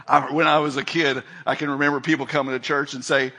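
An older man delivers a sermon as pastor. His voice sits high and bright, with a husky edge. He drives some phrases out forcefully and lets others fall to near-hushed asides. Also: moderate pace. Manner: emphatic preaching, swings from loud calls to quiet asides.

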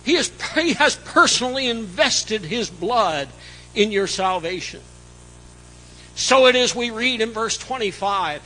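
Male pastor for a church sermon: high, bright voice, unhurried and emphatic, swinging between loud and soft. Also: animated, low-quality recording. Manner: slow, emphatic preaching with dramatic swings in loudness.

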